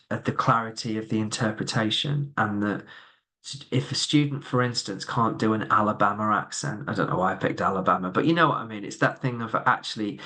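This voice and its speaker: A man leading an online training session for teachers, relaxed and conversational, answering their questions with frequent ums and restarts. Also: lowish voice. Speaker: subject advisor leading a teacher training webinar.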